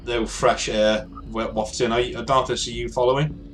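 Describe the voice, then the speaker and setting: A man's voice: medium pitch, little pitch movement, moderate pace, fairly bright tone, faint music behind. A man running a tabletop game as game master, describing scenes loosely with many restarts.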